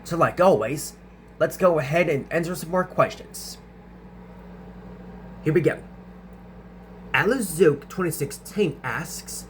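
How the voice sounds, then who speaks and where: A young man with a slightly high voice answers viewer questions in a casual vlog. He stumbles, repeats words and restarts his sentences as he goes, over a faint steady hum. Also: slow, pauses often. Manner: stutters and restarts sentences often.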